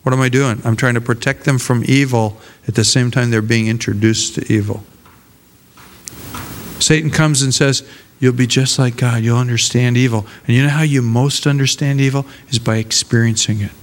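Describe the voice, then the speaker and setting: A man's voice: medium pitch, steady tone, normal speed, long reverb tail. An older man and pastor preaching a conversational sermon, often repeating words as he searches for them.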